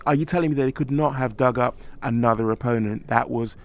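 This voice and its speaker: A man's voice: medium pitch, brisk. A man co-hosting a combat-sports podcast, chatting in a jovial, teasing way. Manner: jovial, quizzing his co-host. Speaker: podcast co-host. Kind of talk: casual podcast chat.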